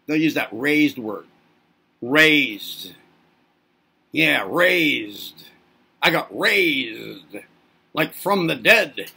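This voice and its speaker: A man's voice: fairly high pitch, lively intonation, slow pace, gravelly, long pauses, bright, forceful tone, husky. A man hosting a self-help channel, speaking in a playful monologue to camera as if to babies. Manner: teasing, talks as if to babies.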